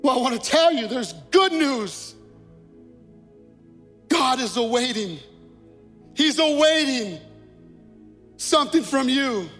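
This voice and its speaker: High-voiced male pastor preaching. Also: expressive, slow, pauses often, fairly bright tone. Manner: preaching with rising intensity, repeating phrases. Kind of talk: sermon. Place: church sanctuary. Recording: long church reverb with faint music.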